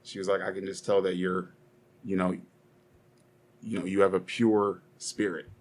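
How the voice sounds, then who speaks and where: A man's voice: deep voice, little pitch movement, normal speed. A young man co-hosting a casual podcast, rambling and swearing as he argues and tells stories. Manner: profane, rambling, heated storytelling. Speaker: podcast co-host.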